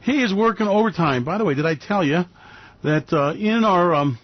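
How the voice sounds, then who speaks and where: A man hosting a market commentary radio show, talking in a loud, brash, sarcastic way and mocking people with put-on voices. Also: sits high, animated, normal speed, no echo. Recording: dry, slightly dull lo-fi recording.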